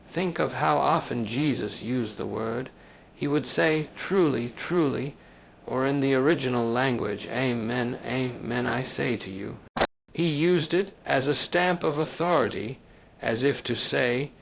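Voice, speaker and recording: A man's voice with a gravelly, fry-edged texture delivers motivational narration at a very unhurried pace. He sounds solemn and emphatic, pausing to give each phrase weight. A faint low rumble sits underneath. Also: low-quality recording. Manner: slow, solemn, emphatic delivery with long pauses.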